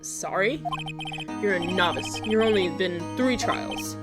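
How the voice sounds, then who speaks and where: A woman voicing a stern, proud young male prosecutor in a video game, curt and disdainful, lower and quieter than her own voice. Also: takes it slowly, music in the background, close to an everyday voice. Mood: cold.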